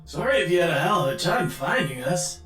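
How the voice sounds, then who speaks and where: A man voicing a laid-back, shifty slacker husband in a video game, talking in a slow drawl. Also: a little high, big pitch swings, reverberant, over music, rough recording.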